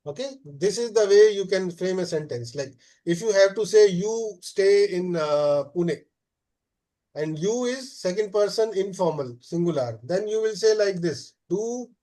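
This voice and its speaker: A man, teaching a live German class, explaining slowly with many "uh" fillers and checking in with "okay?". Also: high voice, mellow.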